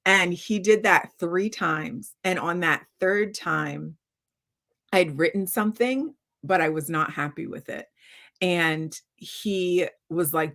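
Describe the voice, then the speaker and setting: Woman, author, video call, lively storytelling, voices the people she quotes. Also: fairly low pitch, unhurried. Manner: animated storytelling, acting out quotes. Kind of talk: virtual author talk.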